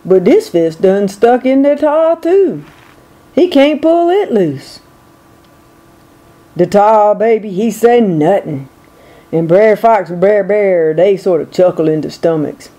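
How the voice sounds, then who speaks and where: Slow, mellow older woman reading a folk tale. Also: medium pitch, big pitch swings. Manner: slow, rhythmic folk-dialect storytelling. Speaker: storyteller reading to grandchildren.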